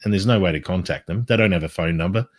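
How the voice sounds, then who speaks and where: Man, very deep voice, rambling casual chat, swearing. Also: fast talker. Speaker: live stream guest.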